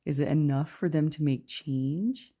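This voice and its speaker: Woman tarot reader, gravelly and dark-toned, hushed and chatty. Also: low voice, measured pace. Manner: chatty, rambling, lots of fillers; talking quietly. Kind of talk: casual spoken tarot reading.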